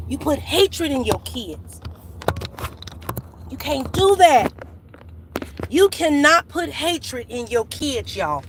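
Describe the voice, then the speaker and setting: A woman's voice: on the high side, bright, forceful tone, a little hiss or hum. A food channel host preaching to her viewers from her car, emphatic and repetitive, calling out the audience as y'all, on a phone mic. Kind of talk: impassioned preaching-style talk to viewers.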